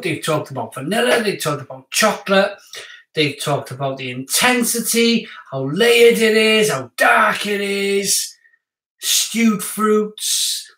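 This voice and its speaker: Excitable man, chatty beer reviewer. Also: high-pitched, distant mic. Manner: chatty, excitable, talks to viewers. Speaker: beer reviewer hosting a live stream. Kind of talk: casual live-stream chat. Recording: echoey room, off-mic.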